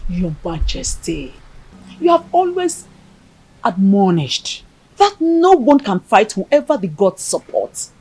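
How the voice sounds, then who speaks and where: An actress playing a wise royal mother who counsels her son and the king calmly and persuasively, heard in a very echoey room from far off. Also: medium pitch, takes it slowly.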